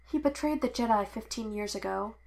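A woman's voice: on the high side, brisk, gravelly, darkish tone. Woman reading as a weary, grim male Jedi. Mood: quiet grim.

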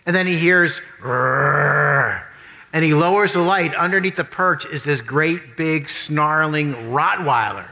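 A middle-aged man preaches a sermon as a pastor, easing in with folksy, jokey stories. His voice sits high and sounds bright and forceful. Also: moderate pace, few pauses. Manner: folksy storytelling with jokes.

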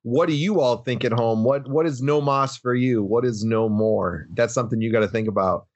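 A man's voice: mid-range voice, normal speed, no echo, highs cut off. A man hosting a podcast, chatting in an easygoing way and wrapping up the show. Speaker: podcast host. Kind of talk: casual chat.

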